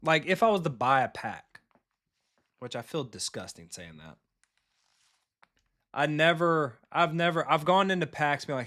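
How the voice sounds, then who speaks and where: A man's voice: on the high side, animated, fairly bright tone. Casual man commenting live on a football game. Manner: casual, blunt and profane, quick reactions to the game. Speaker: video game streamer and football coach. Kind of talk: live gameplay commentary, chatting with viewers.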